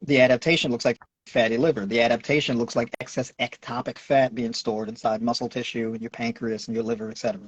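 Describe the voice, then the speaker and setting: A man's voice: medium pitch, fairly even intonation, fast talker, hardly any pauses, slightly rough, dry recording, rough recording. A man with a New York accent, a nutrition and fitness coach, explaining at length in a lecturing way and checking in with "right?". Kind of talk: explaining in a podcast Q&A.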